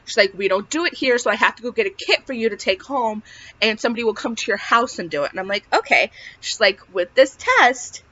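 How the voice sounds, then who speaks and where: A woman's voice: on the high side, expressive, fairly quick, pushed and bright. A young woman telling a personal story in a casual vlog, chatty and full of filler words. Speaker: vlogger. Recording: slightly dull lo-fi sound.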